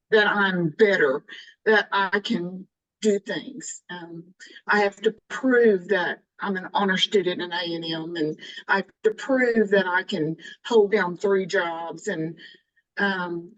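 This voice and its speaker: A woman in her sixties talks slowly and haltingly, often starting over mid-thought. Her pitch sits in a middle range for a woman. She sounds candid and personal, sharing her own story with a small group. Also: low-quality recording. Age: 60s. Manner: halting, with many restarts and fillers.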